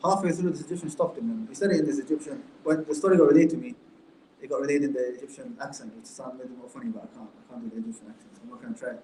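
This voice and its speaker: A man's voice: medium pitch, racing, mellow, a little hiss or hum. A man giving a conversational classroom lecture on a book as an Islamic studies teacher, asking his class many rhetorical questions. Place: indoor classroom. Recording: roomy echo, faint room ambience.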